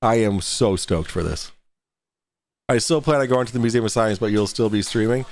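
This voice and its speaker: A man's voice: on the low side, normal speed, a little mellow. A man hosting a casual livestream talk show, joking, swearing and laughing a lot.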